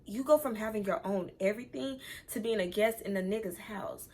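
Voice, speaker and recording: A woman's voice: medium pitch, fairly quick, few pauses, darkish tone, a little hiss or hum. A young woman telling a personal story time on her vlog, candid and chatty, talking straight to her viewers and close to tears at times. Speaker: vlogger.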